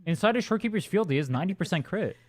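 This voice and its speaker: Male streamer, high and lively voice, sarcastic and exasperated with chat. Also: racing. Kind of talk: live game stream commentary.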